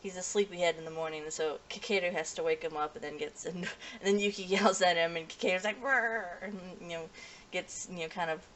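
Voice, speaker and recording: A woman's voice: lowish voice, fairly even intonation, quick pace, slight background noise. A woman reviewing an anime episode in a casual, rambling way, with lots of fillers, self-corrections and frequent chuckles.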